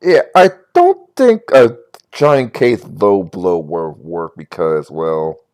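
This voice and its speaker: Man, player, low voice with lively swings, joking tone. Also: slow pace. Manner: laughing, joking asides. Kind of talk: casual chat.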